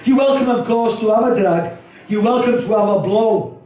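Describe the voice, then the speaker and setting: A man's voice: sits high, normal speed, warm tone, far from the mic, close to an everyday voice. A man with a Liverpool accent voicing a cheeky young Scouse lad, brash and slangy. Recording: echoey hall, voice from off-mic.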